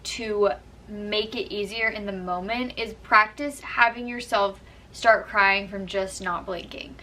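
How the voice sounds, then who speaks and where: Brief: young woman vlogger, chatty and earnest, bright tone, mic a little distant. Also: medium pitch, fairly even intonation, unhurried. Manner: chatty, earnest, frequent "like" and "kind of". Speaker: vlogger giving acting tips. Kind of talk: casual how-to talk to camera.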